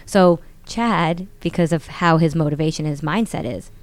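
A woman chatting on a podcast, excitable and quick to jump in. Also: deep voice. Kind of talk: casual chat.

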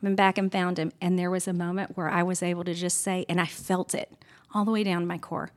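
A middle-aged woman with a slightly low voice recounts a personal story as an interview guest. She speaks earnestly and candidly. She turns lively when she acts out what was said. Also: fairly quick. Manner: earnest, candid, animated when retelling scenes.

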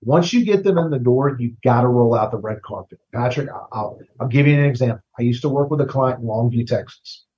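A man speaks as a recruiting guest in a relaxed interview, his voice sitting at an ordinary pitch. He talks conversationally, doubling back on words and checking in with the listener. The recording sounds somewhat dull and lo-fi. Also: fairly quick, few pauses. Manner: conversational, repeats words, tags "right?". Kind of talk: casual interview storytelling.

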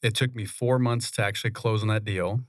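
A man, a real estate investor, telling his story in a relaxed, conversational way in a radio studio. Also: fairly low pitch, fairly quick, no echo. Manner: relaxed, conversational, laughs often. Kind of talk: interview storytelling.

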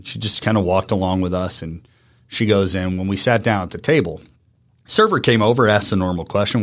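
Earnest storyteller man with a lower voice. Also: fairly bright tone. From Virginia, US. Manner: earnest, halting, with restarts. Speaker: interview guest. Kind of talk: emotional personal storytelling.

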